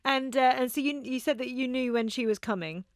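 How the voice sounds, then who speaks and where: A woman's voice: high voice, fairly quick, dry recording, clean studio sound. A woman hosting a podcast interview, asking supportive follow-up questions. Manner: supportive, follows up on guest's story. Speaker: podcast host.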